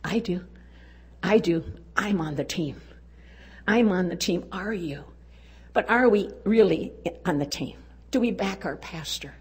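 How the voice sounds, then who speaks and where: A woman's voice: fairly low pitch, expressive, a little slow, pauses often, slightly rough. An older woman giving a folksy, exuberant testimony talk at a church women's event, urging and cheering her listeners on. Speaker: women's conference speaker.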